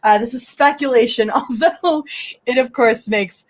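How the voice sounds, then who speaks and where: A woman co-hosting a podcast, loud and brash, laughing often and swearing freely. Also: on the high side, measured pace. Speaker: podcast co-host. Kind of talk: casual profane podcast chat.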